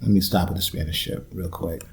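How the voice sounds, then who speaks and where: A man's voice: deep voice, steady tone, fairly quick, vocal fry, darkish tone, slight background noise. A young man hosting a solo podcast, rambling through a loose, profane, joking rant. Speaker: podcast host.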